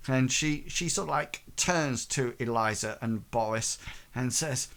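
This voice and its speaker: A man narrating as game master of a tabletop game, with a halting, filler-heavy delivery. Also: mid-range voice, a bit bright.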